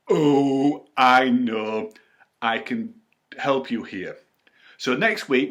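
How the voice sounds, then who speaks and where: A man telling a Bible story to children at a church storytime, expressive and addressing the children directly. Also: mid-range voice.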